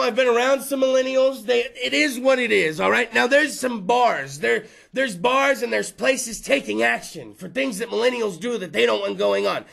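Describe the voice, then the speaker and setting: A man, hosting a live comedy show in front of a bar crowd, loud, rambling and crude as he riffs with the audience. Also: very high voice, creaky. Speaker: host.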